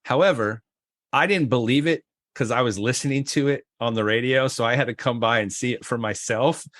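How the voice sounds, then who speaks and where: A middle-aged man from Florida, a podcast guest telling a story with lively acted-out quotes, jumping into high voices for the other people in it. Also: brisk, no room sound, clean studio sound. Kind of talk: animated storytelling.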